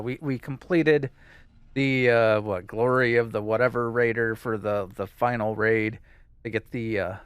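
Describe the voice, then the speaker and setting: A man's voice: medium pitch, fairly bright tone, clear, resonant tone, dry recording. A man co-hosting a casual gaming podcast, rambling and hesitant as he chats. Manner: rambling, hesitant, many fillers and restarts. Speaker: co-host.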